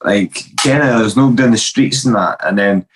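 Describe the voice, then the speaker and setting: A man's voice: lowish voice, fairly quick. A young man with a Scottish accent, a fighter talking as a podcast guest, swearing freely and laughing through his stories. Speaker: guest, professional MMA fighter. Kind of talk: casual podcast chat.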